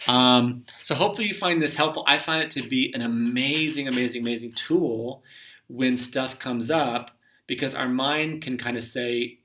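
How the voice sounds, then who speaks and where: Bright-voiced gentle man, distant mic. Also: medium pitch, normal speed, a little hiss or hum. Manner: gentle, musing, often trails off softly. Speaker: spiritual teacher. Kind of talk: reflective solo talk.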